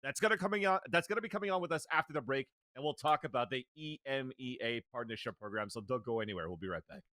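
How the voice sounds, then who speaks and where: A man's voice: mid-range voice, lively intonation, fast, sharp tone, no echo, clean studio sound. A man hosting a casual podcast, upbeat and chatty as he introduces guests and segments. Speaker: podcast host.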